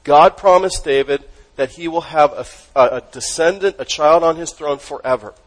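A man preaching a sermon as pastor, emphatic, asking the congregation questions and dropping his voice low on key words. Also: moderate pace, rough recording.

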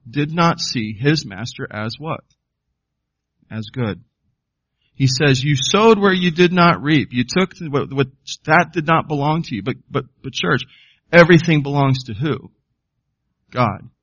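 A man's voice: mid-range voice, fairly bright tone, dry recording, muffled recording. A man preaching a sermon as pastor, emphatic, often putting questions to the congregation.

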